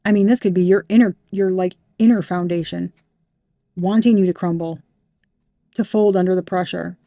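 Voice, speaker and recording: A woman's voice: lowish voice, steady tone, moderate pace, dark tone, no room sound. A woman giving a tarot reading to her viewers, emphatic and heated, swearing freely. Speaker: tarot reader.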